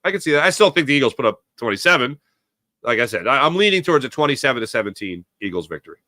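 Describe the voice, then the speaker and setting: A man hosting a live sports talk show, giving opinionated takes and answering viewer chat in an animated way. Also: mid-range voice, no echo, studio quality. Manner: opinionated, animated, quick asides to chatters.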